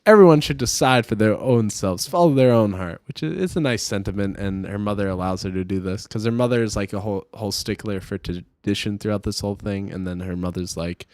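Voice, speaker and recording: A man's voice: lowish voice, darkish tone, clean tone, no echo. A young man co-hosting a podcast, chatting casually and rambling through a movie plot with plenty of fillers. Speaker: podcast co-host. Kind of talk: casual chat.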